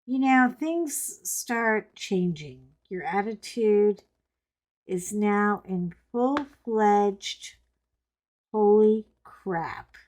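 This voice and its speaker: Female host, unhurried casual storyteller, chatty and playful. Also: medium pitch, animated. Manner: chatty, rambling, playful asides to viewers.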